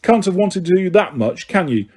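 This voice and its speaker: A man voicing an angry, resentful teenage boy wizard who talks in sharp demands. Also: sits high, very animated, moderate pace, husky, pitched above the performer's own voice, heavily acted.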